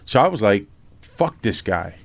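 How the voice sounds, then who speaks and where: Animated man telling a story, says "right?" often. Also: fairly low pitch, measured pace, gravelly, no room sound. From Norristown, Pennsylvania, USA. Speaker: podcast host and memoir author. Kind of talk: casual storytelling interview.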